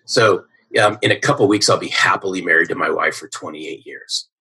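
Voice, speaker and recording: A man's voice: low voice, brisk, pushed and bright, slightly rough, rough recording. A middle-aged man, a sales coach guest on a podcast, telling stories with energy and emphasis and often asking "right?". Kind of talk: podcast interview storytelling.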